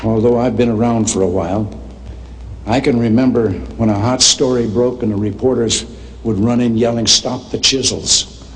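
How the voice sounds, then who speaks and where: Older male speaker, folksy dry-humored storyteller, average pitch, big hall reverb with faint noise. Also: fairly even intonation, moderate pace, darkish tone. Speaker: public speaker. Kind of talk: joke-filled speech.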